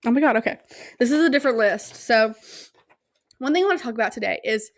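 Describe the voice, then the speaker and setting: Animated young woman telling stories. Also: fast talker. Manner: animated, self-deprecating, acts out quotes with big pitch jumps. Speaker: podcast host. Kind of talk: casual solo podcast storytelling. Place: home room, quiet at night.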